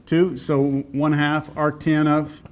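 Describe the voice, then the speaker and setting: A man's voice: on the high side, level tone, slow, darkish tone. A man teaching a calculus class, talking casually and joking as he works through problems aloud. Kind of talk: classroom lecture.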